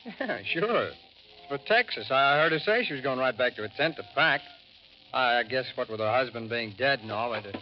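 A sly undercover agent with a lively, mid-pitched voice who plays it casual, as a man acts him out. He comes through a dull old radio broadcast. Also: moderate pace, slight background noise, close to an everyday voice. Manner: casual, feigning chatter. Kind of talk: 1940s radio acting.

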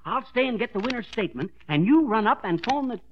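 Loudmouth bragging husband, high and bouncy, old hissy radio show. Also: male voice, animated, quick pace. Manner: brash, blustering, laughs at his own lines. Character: boastful fast-talking middle-aged husband. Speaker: comic lead. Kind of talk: 1940s radio comedy acting. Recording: dull old radio recording with faint hiss.

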